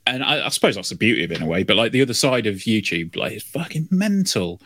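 A man's voice: on the low side, big pitch swings, fast, a bit bright, no echo. A man co-hosting a football podcast, talking in a rambling way with many fillers. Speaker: podcast co-host. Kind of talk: casual chat.

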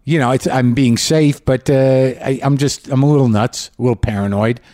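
A man from New Mexico hosting a show, talking in a candid, rambling way with halting restarts and a grieving, reflective tone. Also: mid-range voice, fairly even intonation, mellow, dry recording, studio quality. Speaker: podcast host. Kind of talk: casual monologue.

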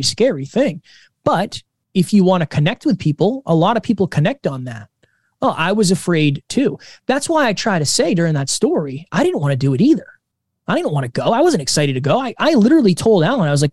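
A man in his twenties, a podcast co-host, telling stories in a casual, energetic interview. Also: sits high, brisk, husky, no echo, clean studio sound. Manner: energetic, animated storytelling.

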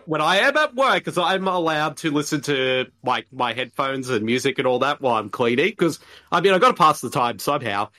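A man, co-hosting a podcast and giving a jokey, animated movie commentary. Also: medium pitch. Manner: animated, jokey, quick asides. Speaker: podcast co-host. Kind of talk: casual movie commentary chat.

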